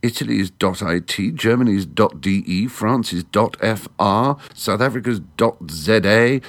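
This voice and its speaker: A man's voice: fairly low pitch, moderate pace. A middle-aged English man hosting a monologue podcast into a studio microphone, wry, theatrical and erudite. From England. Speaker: podcast host.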